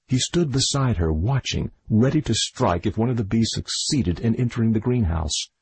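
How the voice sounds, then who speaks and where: A man reading a mystery novel aloud in measured scripted narration, with a husky voice. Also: on the low side, animated, a little mellow, no echo, low-quality recording. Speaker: audiobook narrator.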